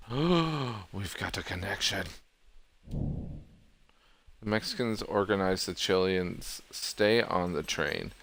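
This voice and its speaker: A man's voice: deep voice, expressive, slow, gravelly, long pauses, a bit bright, dry recording. A man hosting a casual let's play, commenting on the game in a sarcastic, wisecracking way.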